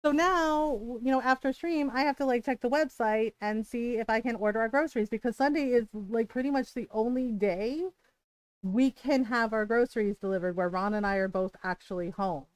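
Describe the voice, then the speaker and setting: A woman streaming a game from home, chatting casually in an animated storytelling manner and swearing freely. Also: on the high side, brisk, smooth, dry recording. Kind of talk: casual chat while gaming.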